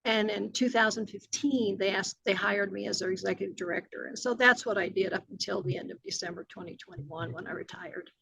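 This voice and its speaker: A woman's voice: medium pitch, a little fast, creaky, few pauses, a bit bright, husky, no echo, poor audio. An older woman, a retired agency director answering interview questions earnestly, with many fillers and restarts.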